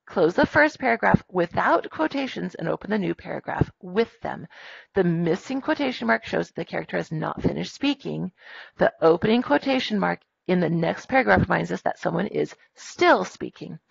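A woman teaching a grammar lesson in a classroom, brisk and firm with her students as she dictates punctuation aloud. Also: on the low side, vocal fry, breathy edge, no room sound, highs cut off.

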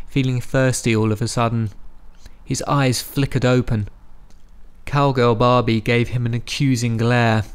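Gravelly, smooth male audiobook narrator. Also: mid-range voice. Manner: steady, measured storytelling.

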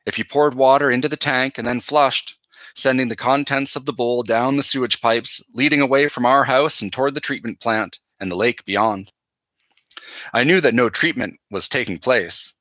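A male teacher reading a novel aloud to his class in a steady, measured voice. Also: mid-range voice, no echo.

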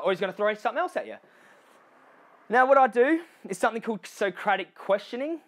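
A man's voice: sits high, animated, racing. A man with an Australian accent giving a motivational speech to a crowd. He addresses the listeners directly, often checking in with "okay?" and "you know", and he acts out other people's lines in changed voices.

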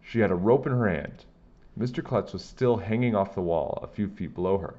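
A man reading a children's chapter book aloud with plain, steady storytelling. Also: on the low side, brisk, highs cut off.

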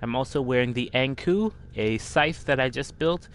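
A man's voice: mid-range voice, moderate pace, slight background noise. A man hosting a casual game walkthrough, rambling and poking fun at himself. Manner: rambling, self-deprecating. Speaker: gaming video host.

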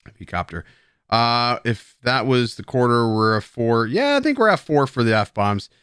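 A man hosting a live stream at his desk talks in a loose, self-mocking ramble, tipsy and playful with his viewers. His voice sits at an ordinary male pitch. It sounds close and dry, with no room around it. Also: big pitch swings, normal speed, a bit bright, smooth, no echo. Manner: tipsy and playful while drinking beer. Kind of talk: casual live-stream chat. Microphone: headset at a streaming desk.

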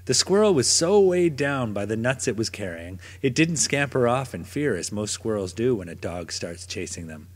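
A man reading a children's picture book aloud at a middle pitch, his voice rising and falling in a lively way. The tone is a little husky, and his gentle storytelling carries a long reverb. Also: normal speed, hardly any pauses. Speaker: storybook narrator.

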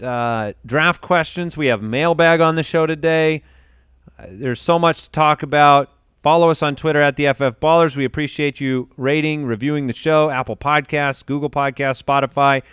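A man hosting a podcast in an upbeat, joking way. His voice is smooth and clear and sits a little high. He is recorded on a studio mic with a dry, close sound. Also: a bit bright, no echo. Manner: upbeat, joking, runs the show. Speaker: podcast host. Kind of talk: casual chat.

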